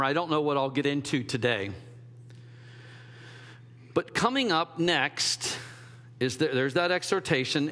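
A man preaching a sermon in an animated, conversational way, slipping into quick acted asides. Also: medium pitch, big-room sound. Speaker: pastor.

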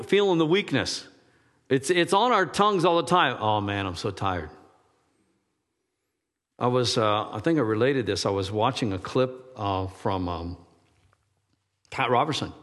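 A man's voice: mid-range voice, fairly bright tone. A man in his sixties preaching a sermon, rambling and self-deprecating, often laughing at himself. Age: 60s. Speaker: pastor. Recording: long hall reverb.

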